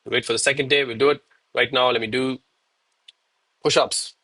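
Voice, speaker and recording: A man's voice: medium pitch, steady tone, a little fast, bright, forceful tone. A man in his thirties chatting casually to viewers while streaming, calling them bro and man, a little out of breath from exercising. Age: 30s. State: out of breath between push-ups. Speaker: live trading streamer. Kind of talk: live-stream commentary and chat.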